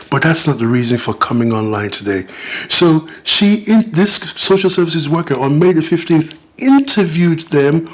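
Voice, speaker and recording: A middle-aged British-born man and father, making an indignant, emphatic personal appeal to camera and acting out the voices he quotes. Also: a little high. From Britain. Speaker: father and vlogger.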